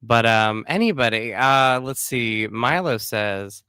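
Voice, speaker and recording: A man in his thirties, slightly hoarse, hosting a casual podcast and chatting in an animated way. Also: takes it slowly, dry recording, studio quality. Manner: animated, chatty, warm greetings with pitch jumps. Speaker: podcast co-host.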